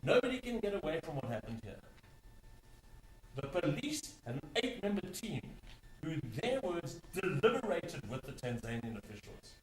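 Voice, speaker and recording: A man's voice: a little high, sing-song, normal speed, echoey room, rough recording. A man arguing a case in court as an advocate, stressing key words by repeating them. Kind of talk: courtroom legal argument.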